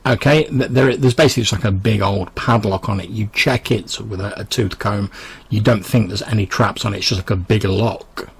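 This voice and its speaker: Male game master, low gravelly voice, rambling narration with lots of "like"s. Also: fairly quick, poor audio. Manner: rambling, full of restarts and "like".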